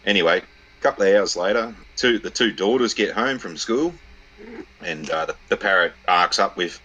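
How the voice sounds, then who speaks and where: A man's voice: deep voice, normal speed, pushed and bright, breathy edge, poor audio. A man telling a crude joke in casual chat, laid-back and crude. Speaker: podcast co-host.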